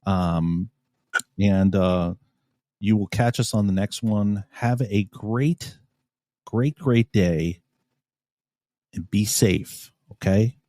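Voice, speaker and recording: A man hosting a podcast, telling a story in a casual, animated, profane way and acting out what people said. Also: lowish voice, extremely slow, pauses often, no room sound, clean studio sound. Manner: animated, profane, acts out quotes. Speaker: podcast host.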